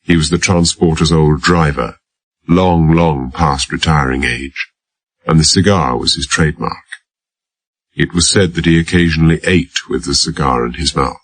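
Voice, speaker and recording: Male audiobook reader, extremely deep and husky, dry close sound, measured delivery. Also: a bit bright, dry recording. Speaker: audiobook narrator. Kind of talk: scripted narration.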